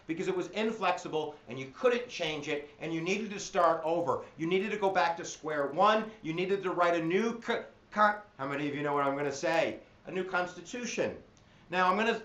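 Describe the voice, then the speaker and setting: A man teaching history in an energetic, jokey exam review lecture, slipping into silly voices. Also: high voice. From United States. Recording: echoey room, dull lo-fi sound.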